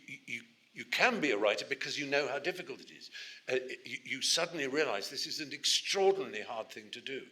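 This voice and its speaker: A guest speaker from England gives an animated, digressive talk to a university society audience. His pitch is medium, and he often restarts his sentences.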